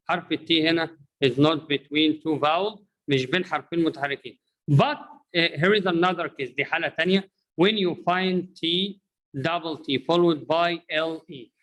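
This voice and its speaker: A man's voice: a little high, a bit bright, low-quality recording. A man with an Egyptian Arabic accent teaching English pronunciation, drilling words by repetition and explaining in Arabic. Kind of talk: bilingual pronunciation lesson.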